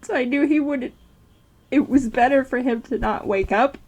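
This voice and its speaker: A woman's voice: high voice, normal speed, darkish tone. A woman telling a personal story to camera, rambling with restarts and nervous laughter while tearful. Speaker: vlogger.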